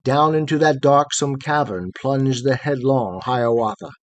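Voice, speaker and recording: A man narrating a long poem in a steady, rhythmic recitation. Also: medium pitch, a little slow. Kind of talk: poetry reading.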